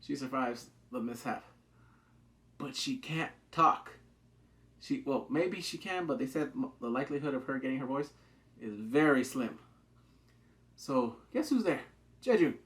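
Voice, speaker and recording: A man giving a casual, excitable recap of a TV drama, acting out the characters' lines in quick asides. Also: medium pitch. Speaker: TV drama reviewer.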